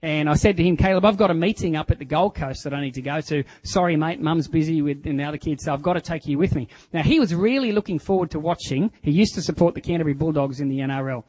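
Middle-aged man, Australian accent, high-pitched, lively sermon delivery, acts out voices. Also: quick pace, hardly any pauses, poor audio. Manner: animated storytelling, acts out voices, swings from hushed to loud. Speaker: pastor.

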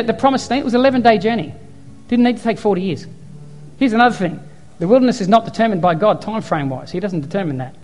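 A pastor delivers his sermon in a slightly high voice, acting out quoted lines and driving points home by repeating them. Soft music plays faintly behind him. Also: long reverb tail. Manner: storytelling, emphatic repetition, acts out quotes.

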